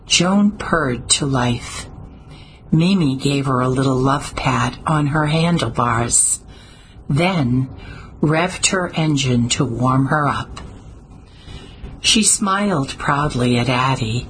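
A woman narrating a story in a steady, measured way, with small slips now and then. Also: a bass voice, slight background noise, rough recording. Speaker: audiobook narrator. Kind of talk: scripted narration.

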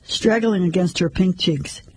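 A man narrating a first-person story in a measured, steady way. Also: high voice, slightly rough, dry recording, poor audio.

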